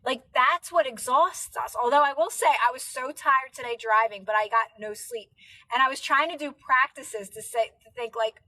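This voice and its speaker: A woman's voice: high voice, moderate pace, pushed and bright, low-quality recording. A woman hosting a live stream, chatting casually and rambling with many fillers.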